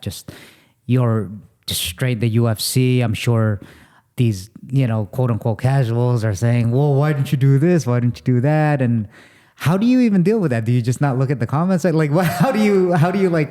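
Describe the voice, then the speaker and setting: A man's voice: mid-range voice, dark tone. A man hosting an interview, asking long, rambling questions full of fillers and restarts. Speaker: interviewer, host.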